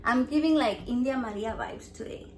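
A woman, vlogging casually, loud and profane and mixing with Spanish. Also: on the high side, normal speed. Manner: loud, profane and playful, switching between English and Spanish. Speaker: vlogger running a raffle. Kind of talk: casual vlog chat. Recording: echoey room with faint background noise.

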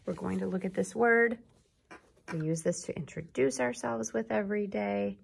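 A woman's voice: mid-range voice, normal speed, gravelly, husky. A woman teacher giving a patient phonics lesson to young children, drawing out and sounding out words.

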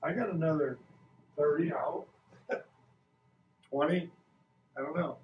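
A man's voice: fairly high pitch, takes it slowly, muffled recording, a little hiss or hum. A man in his sixties teaching a science lesson to a class, playful and quizzing the kids. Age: 60s. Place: school classroom. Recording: echoey classroom from far off.

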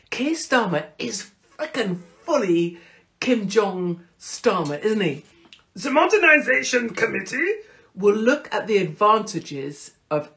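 A middle-aged British woman hosting her own show, talking in a brash, self-mocking monologue full of swearing. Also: lowish voice. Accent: British English. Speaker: host. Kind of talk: casual monologue.

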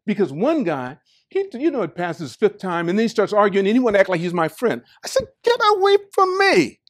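An older man from the United States telling stories in a lively staff talk, moving between quiet asides and loud outbursts and laughing often. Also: sits high, fast talker. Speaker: company staff talk speaker. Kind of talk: animated storytelling talk. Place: meeting room with staff.

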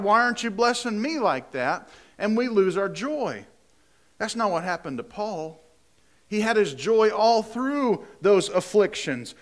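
A male pastor with a high-pitched voice delivers a sermon in a conversational manner. He often repeats words and poses rhetorical questions.

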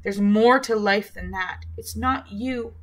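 A worried middle-aged father behind bars speaks softly and earnestly, as a woman narrator reads his lines. The tone stays bright and clear, a gentle plea rather than a performance. It sits inside a storybook reading. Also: mid-range voice, slow, low-quality recording. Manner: soft, earnest.

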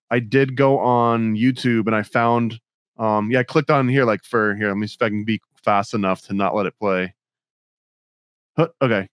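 A man's voice: medium pitch, no room sound. A man hosting a podcast in a loose, easygoing way, laughing often and talking with plenty of fillers. His voice sits in a middle range. The sound is close and dry, with no room around it. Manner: laid-back, laughs often, lots of fillers. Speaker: podcast host. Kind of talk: casual podcast chat.

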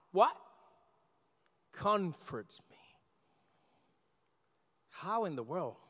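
A man in his thirties preaching to his congregation, his voice pitched high for a man. He talks in an animated, conversational way, often turning to the crowd with questions. The sound rings out with the long reverb of a church sanctuary. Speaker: pastor. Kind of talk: sermon.

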